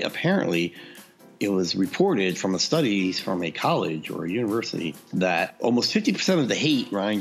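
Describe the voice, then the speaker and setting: A man co-hosting a podcast, chatting casually and rambling with lots of fillers. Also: low-pitched. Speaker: podcast co-host.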